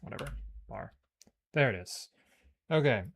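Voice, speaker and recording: Male let's-player, mid-pitched, relaxed casual commentary and game-text reading. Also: unhurried, gravelly, slight background noise. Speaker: let's play host.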